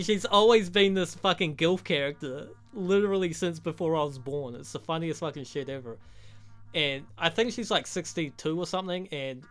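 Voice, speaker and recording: A man's voice: on the high side, fairly bright tone. A young man giving a rambling, profane, joking recap of a movie as a reviewer. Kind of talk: crude comedic movie recap.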